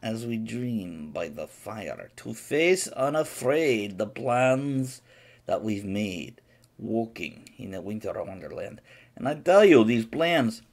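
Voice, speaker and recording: A man playing a boastful, vodka-loving Russian from Siberia, speaking broken English with a Russian accent in rambling deadpan jokes. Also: fairly low pitch, slow, exaggerated voice. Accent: Russian, put on. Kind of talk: comedic character monologue on a live stream.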